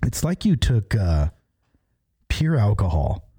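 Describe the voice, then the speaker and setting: A man's voice: on the low side, big pitch swings, slow, mellow, breathy edge. A man co-hosting a podcast, chatting casually and trading crude, joking banter. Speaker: podcast co-host. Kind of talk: casual chat.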